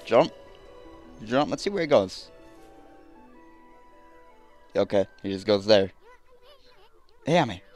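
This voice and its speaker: A man's voice: medium pitch, darkish tone. A man commentating his let's play in a rambling, self-deprecating way, full of fillers.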